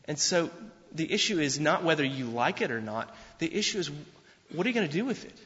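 A pastor giving a sermon in an animated, conversational way, often restarting his sentences. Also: on the high side, brisk. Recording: dull sound with long hall reverb.

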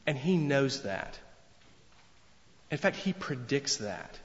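A man's voice: medium pitch, very animated, takes it slowly. A man preaching a sermon in an earnest, emphatic way, repeating phrases for weight. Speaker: pastor. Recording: long reverb, dull lo-fi sound.

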